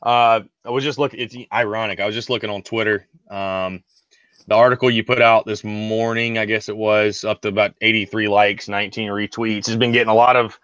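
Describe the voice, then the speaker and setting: A man hosting a casual sports podcast, talking in halting bursts full of restarts and fillers. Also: lowish voice, little pitch movement, a bit bright, clean tone, no echo, dull audio. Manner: halting, restarts often, says "like" and "I mean". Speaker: podcast host.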